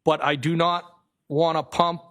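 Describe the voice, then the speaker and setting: A man with a Boston accent, testifying as a trial witness, reading text messages aloud in a flat, halting way and correcting himself as he goes. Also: a little high.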